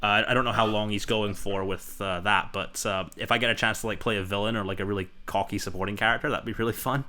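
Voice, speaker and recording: Fast and steady in tone, the young man hosting this casual podcast chat has a lowish voice that comes across bright and forceful. He tells his stories with eager rambling and heaps of fillers.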